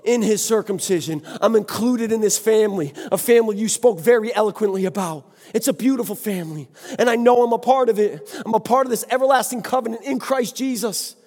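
High-voiced excitable preacher in a reverberant church. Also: male voice, brisk, hardly any pauses. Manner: passionate, excitable, exclaiming. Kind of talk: sermon. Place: church sanctuary. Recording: long hall reverb.

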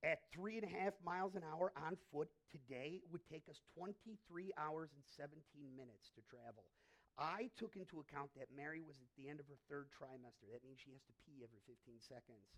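A male pastor preaching a sermon in a church, telling stories in an animated way and often restarting his sentences. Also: on the high side, fairly quick. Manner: animated storytelling, frequent restarts.

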